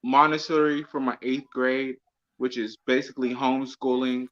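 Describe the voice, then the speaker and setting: A man chatting casually and animatedly, jumping into excited retellings. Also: mid-range voice, normal speed, dull audio. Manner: animated, bursts into exclaimed retellings. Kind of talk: casual chat.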